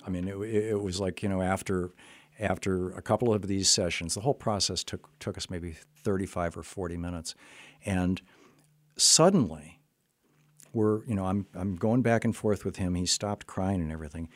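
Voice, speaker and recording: An older man, a therapist, telling a story in a halting conversational way, with many restarts and fillers. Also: low-pitched, no echo.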